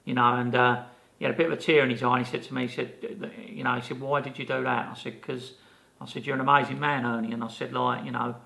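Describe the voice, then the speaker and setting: With vocal fry, medium pitch, and a fast pace with few pauses, this podcast co-host in his fifties spins a lively anecdote. The conversation is casual, and he performs the people he quotes.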